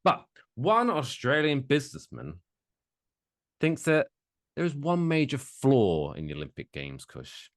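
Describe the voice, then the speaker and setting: A man's voice: medium pitch, wildly swooping pitch, measured pace, no room sound, clean studio sound. A man co-hosting a podcast in casual chat, ranting with plenty of swearing. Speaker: podcast co-host.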